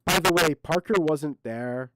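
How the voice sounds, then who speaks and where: A man's voice: fairly high pitch, measured pace, fairly bright tone, a little hiss or hum, rough recording. A man streaming, giving casual reaction commentary in heated, mocking, profane rants.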